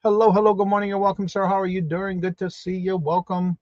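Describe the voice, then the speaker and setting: A man hosting a live stream, warmly greeting each viewer by name in an upbeat, repetitive way. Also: high voice, level tone, fast talker, dry recording, lo-fi sound. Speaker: livestream host.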